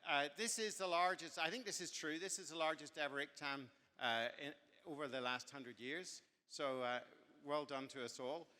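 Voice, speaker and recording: Man, genial after-dinner speaker, rambling and self-correcting, bright tone, long hall reverb. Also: fairly high pitch, normal speed. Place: banquet hall.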